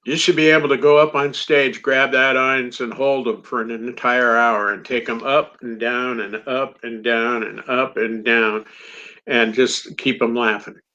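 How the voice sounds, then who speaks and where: Middle-aged comic guy spinning a story, acts out the lines, bright edgy voice, kinda dull lo-fi audio. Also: mid-range voice, measured pace. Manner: animated anecdote teller, acts out quoted dialogue. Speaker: comedian guest. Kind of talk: storytelling in a podcast interview. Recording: dull lo-fi sound.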